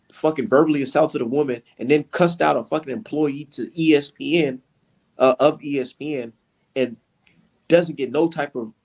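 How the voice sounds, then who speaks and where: A man's voice: a little high, darkish tone. A man co-hosting a casual boxing chat, talking in a heated, profane, rambling way. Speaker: podcast co-host.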